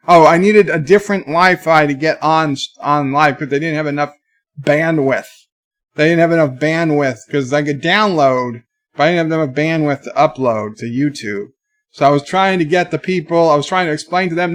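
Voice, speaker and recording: A man hosting a casual livestream, rambling through a story with animated outbursts and reading viewer chat aloud. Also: on the high side, moderate pace. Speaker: live stream host.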